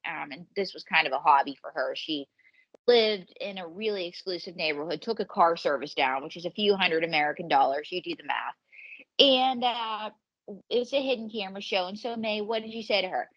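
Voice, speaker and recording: A woman's voice: on the low side, fairly bright tone, dull audio. A woman comedian and ventriloquist telling rambling, jokey anecdotes as a guest on a podcast. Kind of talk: comic storytelling in a podcast interview.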